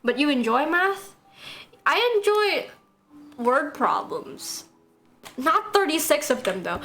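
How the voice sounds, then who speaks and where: A woman's voice: high-pitched, big pitch swings, unhurried, pushed and bright. A young woman streaming live, chatting casually and rambling while she draws, answering chat and laughing often. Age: young adult.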